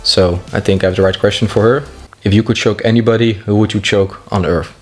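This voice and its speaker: A man's voice: fairly low pitch, a little fast, soft background music. Joking young man vlogging. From half French. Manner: jokey, deadpan asides. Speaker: YouTuber. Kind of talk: comedic vlog narration.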